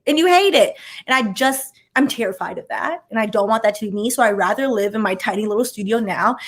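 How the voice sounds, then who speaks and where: A woman in her thirties, a former attorney hosting her channel, chatting casually and reacting to viewer comments with quick tangents and lots of filler words. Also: a little high, fairly bright tone.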